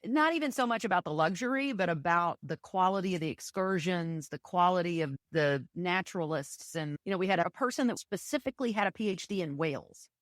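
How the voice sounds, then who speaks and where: Podcast guest, woman from Texas, low pitch, dry close sound, chatty and enthusiastic storyteller. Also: lively intonation, a little fast, few pauses, no room sound. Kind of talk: casual interview chat.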